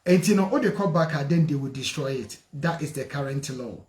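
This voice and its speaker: A man's voice: mid-range voice, a little fast, roomy sound. A man hosting a call-in legal advice radio show, mixing Twi and English. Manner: lively, laughs easily, switches between Twi and English.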